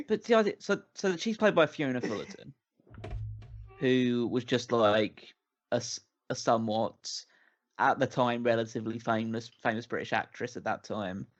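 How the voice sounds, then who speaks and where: A man's voice: mid-range voice, moderate pace. A man co-hosting a movie-review podcast talks in a loose, rambling way, circling back and restarting his sentences. His voice sits in a middle range, and the audio is a bit dull and lo-fi. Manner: rambling, restarts a lot, animated. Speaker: podcast co-host. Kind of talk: casual movie-review chat.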